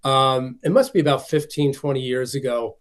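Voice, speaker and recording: A man's voice: mid-range voice, fairly even intonation, moderate pace. A man, a film collector being interviewed, telling stories and acting out the voices of the people he quotes. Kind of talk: conversational storytelling.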